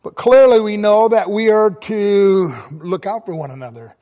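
A man's voice: high-pitched, normal speed, warm tone, big-room sound. A man preaching a sermon, reading scripture aloud and stressing key words with emphasis. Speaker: pastor.

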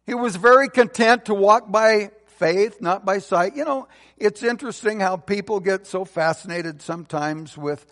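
A man preaching a sermon as a pastor, earnestly building to emphatic peaks and dropping to soft, low phrase endings. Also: moderate pace, long reverb tail.

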